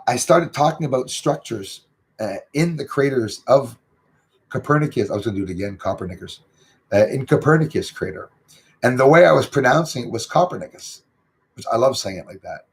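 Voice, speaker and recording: A man's voice: medium pitch, gravelly, husky. A middle-aged man, chatting casually and rambling with lots of fillers as host of his livestream. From Canada. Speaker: channel host reading live chat.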